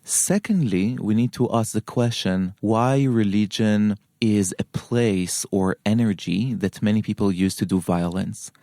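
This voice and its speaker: A man with an Israeli accent speaks in a low voice, talking earnestly as an interview guest. He explains his ideas step by step and keeps checking in with "right?". The sound is dry and close. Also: unhurried, hardly any pauses, dark tone, dry recording. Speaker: guest scholar. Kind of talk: interview conversation.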